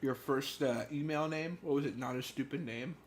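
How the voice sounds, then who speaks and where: A young man co-hosting a podcast, chatting casually at home and telling stories with slang and animated quoting. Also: medium pitch, moderate pace, a little hiss or hum. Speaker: podcast co-host. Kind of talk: casual chat. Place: apartment.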